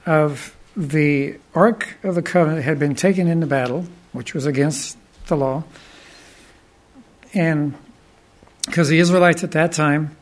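In his sermon, a fairly high-voiced man recounts a biblical tale, taking his time and slipping into contemplative digressions.

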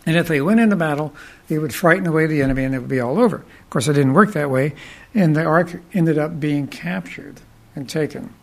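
Higher-voiced preacher musing through a Bible story. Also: male voice, gravelly. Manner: deliberate, with musing asides. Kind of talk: sermon retelling Bible stories.

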